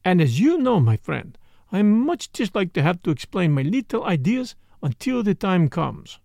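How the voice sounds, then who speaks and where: A man's voice: sits high, very animated, normal speed, creaky, mellow, dry recording, studio quality, exaggerated voice. A man voicing a sly, courteous foreign detective who speaks formally and blandly.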